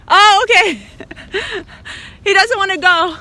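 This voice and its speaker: A woman vlogging in an open park outdoors who calls out loudly and laughs often. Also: very high-pitched, slow, pauses often, a little hiss or hum. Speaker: vlogger with a pet parrot. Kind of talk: casual outdoor vlog.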